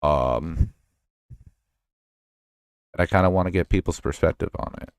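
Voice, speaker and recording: A man hosting a livestream, casually reacting to clips with a slow, lecturing manner. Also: low-pitched, dry recording. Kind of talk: casual reaction stream chat.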